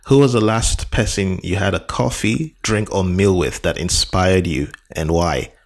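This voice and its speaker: A man's voice: low voice, a little slow. A man hosting a podcast in casual interview chat, upbeat and repeating words for emphasis. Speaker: podcast host.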